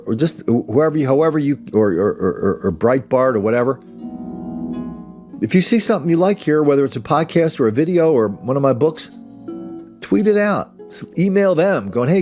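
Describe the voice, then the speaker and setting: A man's voice: medium pitch, darkish tone. Blunt, rambling male podcast host. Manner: rambling, with many restarts and asides; blunt and combative. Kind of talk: solo opinion monologue.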